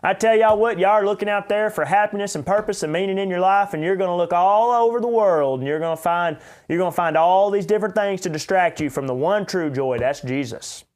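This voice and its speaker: A man imitating a loud, jolly country preacher with an Oklahoma accent and a folksy, booming preaching manner. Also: fairly quick, hardly any pauses, lightly acted.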